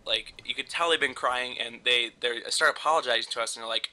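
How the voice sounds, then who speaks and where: Bright-voiced young man rambling profanely. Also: medium pitch, a little fast. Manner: profane, rambling, laughs often. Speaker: gaming commentator. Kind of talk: casual storytelling over gameplay.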